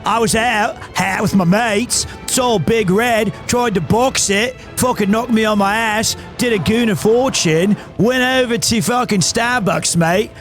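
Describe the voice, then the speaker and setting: A man's voice: high-pitched, a little slow, hardly any pauses, a bit bright, faint music behind. A man putting on a brash boozy Aussie bloke. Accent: exaggerated Australian imitation. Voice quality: brash, slangy, swaggering. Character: rowdy boozy Australian bloke, adult man.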